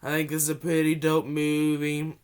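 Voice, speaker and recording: A young man with a cold giving a casual, rambling movie review vlog, often restarting his sentences and gushing with excitement. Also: fairly high pitch, moderate pace, clean tone. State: has a cold.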